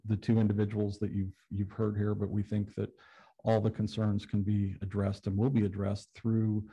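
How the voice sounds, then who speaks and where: Low gravelly man giving formal testimony. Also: dark tone, poor audio. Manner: measured, businesslike, with some restarts. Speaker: applicant's representative. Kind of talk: formal testimony at a council meeting.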